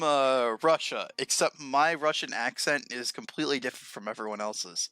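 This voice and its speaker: A man's voice: medium pitch, moderate pace, bright, forceful tone, dry recording. A young man chatting casually on his writing livestream, laid-back and often laughing at himself. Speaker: streamer and writer.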